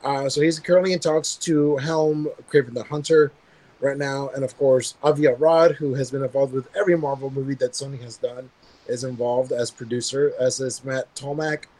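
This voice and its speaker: A man hosting a casual news podcast, rambling relaxed with plenty of ums and uhs. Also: medium pitch, normal speed, rough recording. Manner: relaxed, rambling with many fillers. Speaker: podcast host reading news.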